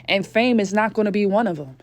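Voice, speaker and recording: A fervent woman gives a spiritual reading. She sounds out of breath, preachy and casual at once, swearing freely. Her voice sits at a middle pitch for a woman. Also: lively intonation, a little fast. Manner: fervent, exclaims whew often, swears casually. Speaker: spiritual reader.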